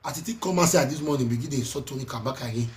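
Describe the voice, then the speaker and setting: A man with a Nigerian Pidgin English accent, scolding and ranting in a heated monologue with swings between loud and soft. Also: mid-range voice, very fast. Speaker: social media commentator.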